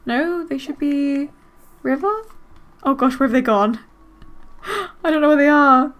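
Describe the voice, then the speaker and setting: A young adult woman hosting a casual let's-play, thinking aloud and gasping excitedly as she plays. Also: high voice, unhurried. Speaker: gaming host.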